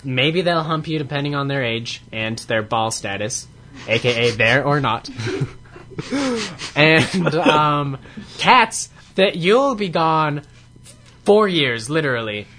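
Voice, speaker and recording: Bright-voiced man in casual rambling chat. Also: fairly high pitch, animated, slow pace, a little hiss or hum. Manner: rambling, swears freely, laughs at own jokes. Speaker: podcast co-host.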